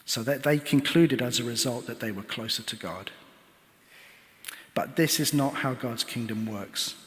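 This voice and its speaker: Speaking a little slowly in a medium-pitched, fairly bright voice, a man delivers a church sermon. He retells a parable earnestly and asks rhetorical questions, with church hall reverb on the recording.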